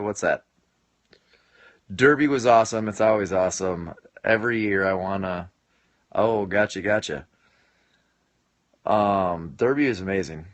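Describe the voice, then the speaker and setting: A man in his late twenties hosts a casual live stream from his home basement, joking as he reads and answers viewer comments and laughing often. His voice is lowish and the recording is dry.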